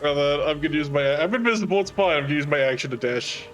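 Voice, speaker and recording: Higher-voiced guy playing a tabletop game, chill and wry. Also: lively intonation, fast talker, fairly bright tone. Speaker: player. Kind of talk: casual chat.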